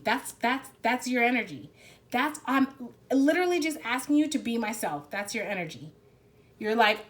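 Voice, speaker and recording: A woman's voice: fairly high pitch, expressive, moderate pace. A woman giving a spiritual card reading in a casual, rambling, emphatic way, often restarting her sentences. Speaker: tarot reader.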